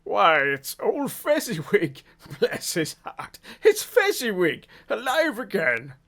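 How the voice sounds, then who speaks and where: A man voicing an old male miser who exclaims with a high, cracking voice in a storybook reading. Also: huge pitch swings, slow, gravelly, a bit bright, breathy edge, exaggerated voice. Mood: delighted. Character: old male miser, wistful and easily stirred.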